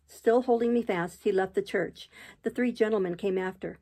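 Woman with a creaky voice reading aloud. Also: medium pitch, normal speed, dark tone. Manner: unpolished reading with occasional restarts. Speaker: audiobook reader. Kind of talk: reading a classic novel aloud.

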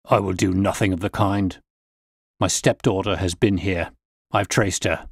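A man voicing a huge, menacing old man who shouts threats in a blustering way. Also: sits low, fairly even intonation, measured pace, slightly rough, no room sound, studio quality, exaggerated voice.

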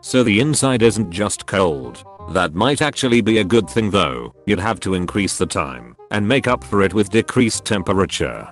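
A man's voice: on the low side, big pitch swings, normal speed, few pauses. A man reading out forum posts one after another as scripted narration, dropping his voice on one-word answers. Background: faint background music.

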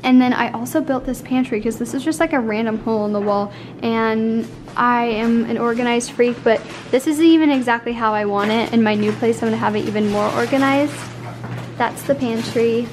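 A woman's voice: on the high side, fairly quick, slight background noise. Tearful young woman vlogging her apartment. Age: 20s. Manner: emotional, tearful and grateful. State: crying. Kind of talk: casual apartment tour vlog. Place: apartment, indoors.

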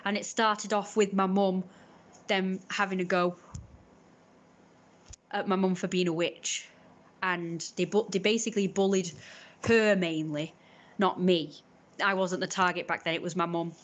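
A woman's voice: fairly low pitch, fairly even intonation, measured pace, pauses often. Chatty woman rambling on stream. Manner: rambling, chatty, restarts and corrects herself. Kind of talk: casual chat.

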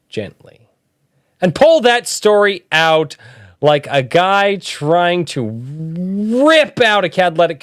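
A man's voice: high voice, no echo, studio quality. A man hosting a podcast, rambling and joking at himself in casual chat. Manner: rambling, self-deprecating, jokey. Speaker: podcast host.

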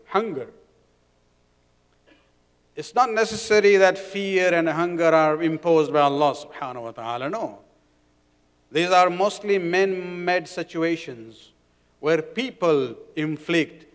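A man giving an explanatory religious lecture in a community centre, with frequent restarts and Arabic terms woven into his talk. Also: on the high side. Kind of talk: sermon. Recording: long hall reverb.

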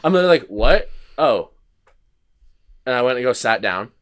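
A man's voice: mid-range voice, very animated, very fast, fairly bright tone, clean tone. A young man hosting a podcast, telling a long casual story with restarts, fillers and swearing. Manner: rambling anecdotes with frequent restarts and swearing. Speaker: podcast host.

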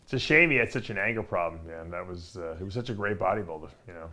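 A man's voice: deep voice, expressive, quick pace, pushed and bright. A man hosting an interview show, dropping short reactions and pressing his guest with blunt follow-up questions. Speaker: talk show host. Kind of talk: casual interview chat.

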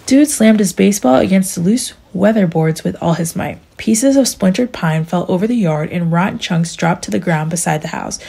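A young woman reads a novel aloud for an amateur audiobook, plain and steady. Her voice is dark, husky and gravelly. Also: lowish voice, normal speed, hardly any pauses. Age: young adult. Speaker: audiobook reader.

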